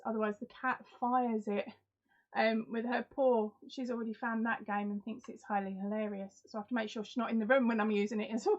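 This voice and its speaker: A woman's voice: fairly high pitch, lo-fi sound. A woman hosting a live crafting stream in casual chat, reading out and answering viewers' comments. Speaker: host.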